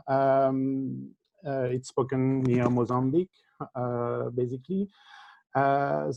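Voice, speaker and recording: A man lecturing at an academic conference. His voice is gravelly and mellow, and he explains his points slowly with many pauses. The sound is dry, as if picked up close on a video call. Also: medium pitch, no echo. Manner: halting, explanatory delivery with frequent pauses. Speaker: linguistics lecturer.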